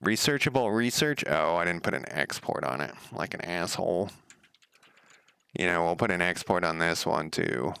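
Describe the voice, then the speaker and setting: Middle-aged guy live coding, low gravelly voice, rambly, talks to himself, dry close mic. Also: expressive, normal speed, bright, forceful tone, no room sound. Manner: rambling, self-talking, laughs at himself. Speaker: game developer streaming his coding. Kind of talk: casual live coding commentary.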